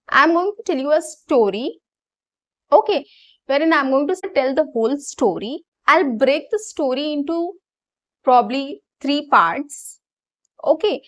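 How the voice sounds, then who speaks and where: A young woman, an English communication coach, explaining a practice technique, often checking in with "right?" and "okay". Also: sits high. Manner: explanatory, repeats key phrases with frequent "right?" and "okay". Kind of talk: online English lesson.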